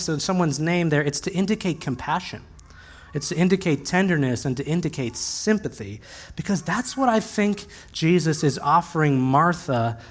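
Animated, conversational male preacher. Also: on the high side. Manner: conversational, animated storytelling with acted asides. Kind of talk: sermon.

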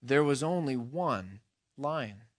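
A man voicing a vast, calm male lion who speaks slowly and gravely in a deep voice. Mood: solemn. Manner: slow, grave and gentle.

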